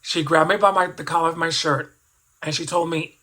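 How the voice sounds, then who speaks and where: A man's voice: fairly high pitch, fairly even intonation, a little fast, bright, forceful tone, poor audio. A man in his fifties telling a personal childhood story as a toy collector vlogger. He rambles and reflects, restarting sentences and adding asides as he goes.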